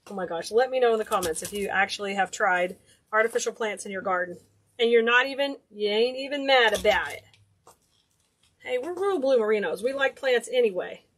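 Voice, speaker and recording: Lady doing a craft how-to, kinda high voice, chatty and gushy. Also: expressive, brisk. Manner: chatty, enthusiastic, gushes over cute details. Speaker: craft video host. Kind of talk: casual DIY tutorial.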